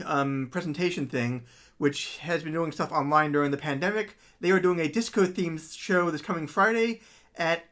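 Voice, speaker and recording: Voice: mid-range voice, a bit bright. A musician chatting casually on their own livestream, rambling with many ums and frequent laughs.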